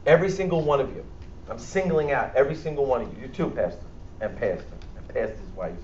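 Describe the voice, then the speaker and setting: A man's voice: mid-range voice, lively intonation, fast, a little mellow, slight background noise. A man with a Bronx accent leading a church health workshop, talking bluntly and joking with his audience. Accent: Bronx New York. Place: church hall, speaking to a live audience. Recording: echoey hall, distant and dull.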